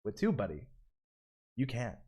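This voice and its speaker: A livestream host with a mid-range voice swoops wildly in pitch, speaking at a moderate pace with a warm tone and a breathy edge. Upbeat, he teaches a tutorial and reads viewer comments aloud between explanations, shouting out the chat.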